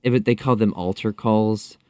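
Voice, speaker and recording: A man with a mellow, rather low voice and a steady tone appears as a podcast guest in a relaxed interview. He speaks thoughtfully, often stumbling into fillers and restarting his sentences.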